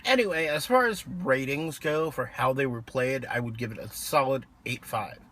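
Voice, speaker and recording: A man casually chatting about film casting and ratings with a friend, his voice rising and dropping in loudness as he talks. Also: mid-range voice, moderate pace. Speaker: co-host reviewing films. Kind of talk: casual chat. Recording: faint background noise.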